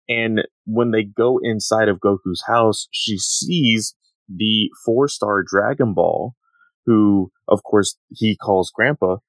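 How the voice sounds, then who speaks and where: Lowish guy recapping a comic, lots of likes, dry mic. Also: slow pace, no echo. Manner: relaxed, many fillers, plays out quotes. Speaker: podcast co-host. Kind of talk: casual manga discussion.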